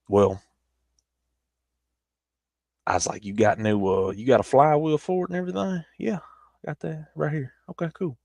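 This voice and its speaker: A man's voice: fairly low pitch, dry recording. Laid-back Southern man telling a story. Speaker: streamer. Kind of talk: casual storytelling.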